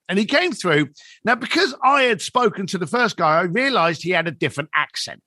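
A man talking as a podcast guest, spinning a story and voicing the people in it. His voice sits fairly high and moves a lot in pitch. The recording is close and dry. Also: a little fast, no echo. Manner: animated storyteller who acts out quoted dialogue.

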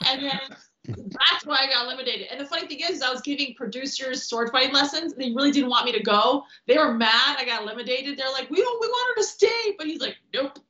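A woman's voice: sits high, fast, sharp tone. A woman, a stunt performer guest, telling stories on a casual podcast, acting out quotes and swearing freely. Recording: roomy, dull lo-fi podcast audio.

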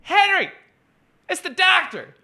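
A man's voice: very high voice, very animated, slow pace, vocal fry, sharp tone, pitched above the performer's own voice, heavily acted. A man voicing a sweet elderly wife who gushes over her doctor on the phone. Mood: gushing. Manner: gushing, sing-song.

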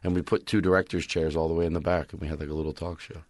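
A man's voice: a bass voice, rapid-fire, no room sound. A man guesting on a podcast in casual chat, telling stories with passion and energy. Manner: passionate, animated storyteller.

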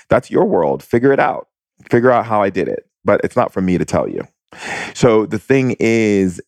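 A man, a spiritual teacher, talking in a reflective monologue with slow, deliberate, drawn-out phrasing and long run-on sentences. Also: sits low, darkish tone, no room sound, clean studio sound.

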